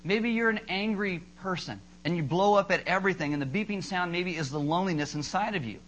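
A man pastor preaching a sermon at a church service in a conversational way, telling humorous stories and slowing down to stress his key points. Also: sits high, fairly bright tone, low-quality recording.

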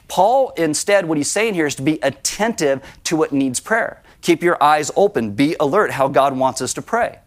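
A middle-aged man preaching a sermon in an animated way, sometimes acting out Bible scenes with sudden high cries. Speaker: pastor.

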